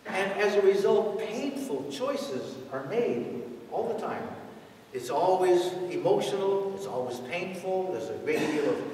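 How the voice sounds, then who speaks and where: A priest with a high-pitched, darkish voice and lively intonation preaches an unhurried, conversational sermon, putting rhetorical questions to his congregation. He's recorded from far off in a large, echoey church, with slight background noise.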